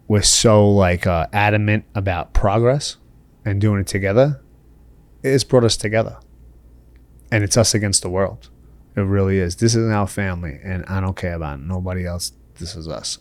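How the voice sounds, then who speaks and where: In a dry recording, a middle-aged man with a lowish, darkish voice chats as a podcast guest. He's from the Bronx, New York, and the casual interview is full of his laughter, candor, and frequent "you know"s.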